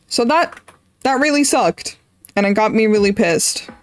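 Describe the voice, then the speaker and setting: A woman's voice: on the high side, expressive, moderate pace, faint music behind. A young woman streamer from the Netherlands, casually rambling through a story while drawing, swearing freely. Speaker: art streamer.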